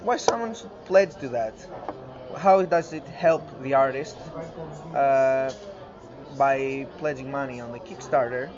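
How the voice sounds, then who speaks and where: A male interviewer in a casual chat, giving short affirmations and asking slow, deliberate questions. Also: mid-range voice. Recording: muffled recording with busy crowd.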